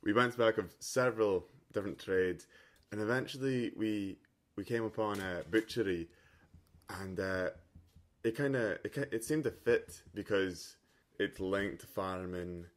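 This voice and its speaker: A young man, a butcher recalling his start in an easygoing way, stumbling over words and restarting. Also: on the low side. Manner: stumbling, with quick bursts and restarts. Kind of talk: casual interview recollection.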